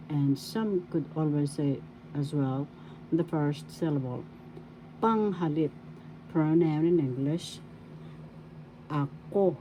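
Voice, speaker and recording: A woman language teacher giving a slow pronunciation lesson, sounding out each word syllable by syllable, repeating it, and adding gentle blessings. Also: sits low, a little hiss or hum, rough recording. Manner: gentle blessings and well-wishes.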